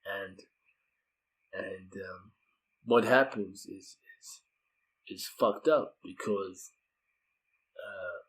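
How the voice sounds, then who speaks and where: A man telling a personal story in loose, profane slang, getting loud and high-pitched when he quotes himself. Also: drawn-out words, long pauses, low-quality recording. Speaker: video storyteller. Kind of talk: casual spoken storytelling.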